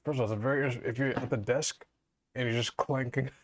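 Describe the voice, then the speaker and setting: A man's voice: mid-range voice, fast, a crowd in the background. A man co-hosting a podcast in casual chat, telling stories and laughing as he goes. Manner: laughs while telling stories, lively intonation. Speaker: podcast co-host.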